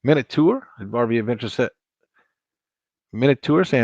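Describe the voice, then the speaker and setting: A man's voice: medium pitch, expressive, normal speed, a little mellow, no echo, muffled recording. A man hosting a casual live stream, talking and joking straight to his viewers. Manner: chatty, joking, talks to viewers directly.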